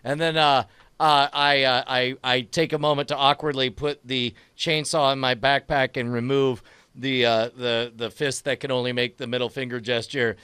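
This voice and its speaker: A man's voice: mid-range voice, moderate pace, smooth, dry recording. Stammering man playing a tabletop game. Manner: stammering, animated, laughing. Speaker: player. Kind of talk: tabletop role-play.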